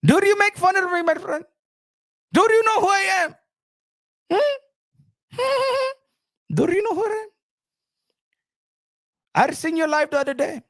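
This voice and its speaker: A man's voice: extremely high pitch, animated, a little slow, long pauses, a bit bright, no room sound, clean studio sound, voice pushed up, full character voice. A man doing a comic impression of a pushy middle-aged male boxing promoter who makes demands and repeats himself. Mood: shouting.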